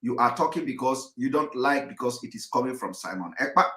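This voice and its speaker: A man's voice: mid-range voice, expressive, fairly quick, sharp tone, reverberant. A man with a Nigerian English accent giving an earnest live online broadcast monologue, repeating his points for emphasis. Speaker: movement broadcaster.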